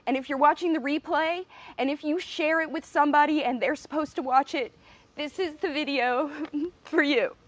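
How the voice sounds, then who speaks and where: Standing outdoors beside a window, a middle-aged woman who works as a speech pathologist talks to her livestream audience at a normal speed in a voice that sits high. Her address is heartfelt and emotional, broken by occasional laughter.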